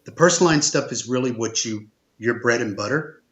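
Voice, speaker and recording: This insurance agency owner has a medium-pitched, slightly bright voice and talks a little fast. In a conversational interview he tells stories with earnest emphasis, repeating phrases to drive points home.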